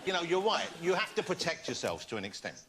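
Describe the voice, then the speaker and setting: Playful male host, lively voice, talking over heavy noise. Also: fairly high pitch, fast. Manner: teasing, laughing. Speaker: interviewer. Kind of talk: playful interview questions. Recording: loud crowd and noise.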